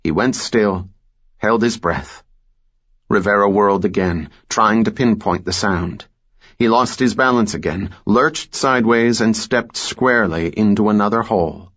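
Male audiobook narrator, low and slow, lo-fi sound. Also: a bit bright. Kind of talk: scripted thriller narration.

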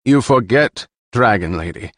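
A man's voice: medium pitch, lively intonation, unhurried, a bit bright, no echo, clean studio sound. A male narrator voicing a stubborn, proud man who defies his captor. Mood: defiant. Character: defiant older male treasure seeker.

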